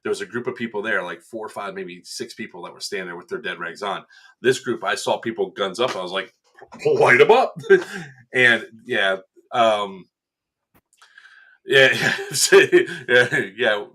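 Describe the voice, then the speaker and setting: A man's voice: fairly low pitch, moderate pace. A man chatting casually on a podcast, animatedly recounting a game and acting out what people said. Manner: animated storyteller, acts out quotes with laughs. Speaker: event staff member recounting a game.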